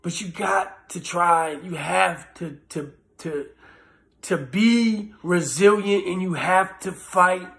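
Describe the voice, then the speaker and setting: Man, former inmate, raw earnest testimony, gravelly, slightly high voice, blunt and halting. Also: fairly bright tone. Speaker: former prisoner sharing recovery story. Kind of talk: personal testimony.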